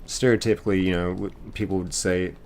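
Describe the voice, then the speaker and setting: A man's voice: low-pitched, fairly even intonation, fast, a little mellow, a little hiss or hum. A man streaming a game live, reading chat aloud and rambling casually with lots of fillers and restarts.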